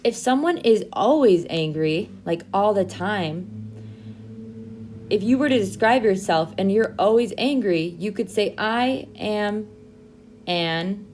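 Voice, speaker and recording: A young adult woman teaching an English vocabulary lesson to learners, modeling phrases slowly and clearly for them to repeat. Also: mid-range voice, animated, darkish tone, slight background noise.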